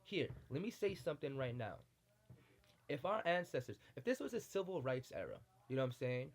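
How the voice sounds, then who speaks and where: Man, heated monologue, blunt, swears a lot, mid-pitched voice. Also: sing-song, fairly quick. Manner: repeats "you know what I'm saying". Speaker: spiritual commentator. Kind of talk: impassioned monologue.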